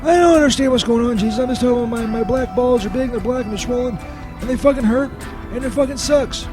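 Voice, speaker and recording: Guy putting on a squeaky whiny saint, stammering and cussing, totally confused, music blaring behind. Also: fast. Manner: profane, stammering, bewildered. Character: whiny high-voiced male saint, beaten up and baffled. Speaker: co-host. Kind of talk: comedy radio bit. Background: loud music.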